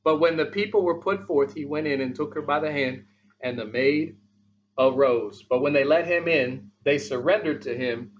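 A male pastor preaching a sermon in an emphatic, repetitive style, swinging between loud and soft. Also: fairly high pitch, moderate pace, muffled recording, slight background noise.

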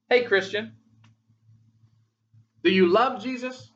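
A man's voice: sits high, animated, normal speed, sharp tone, dull audio. A man preaching a sermon in a conversational way, asking many rhetorical questions of his congregation.

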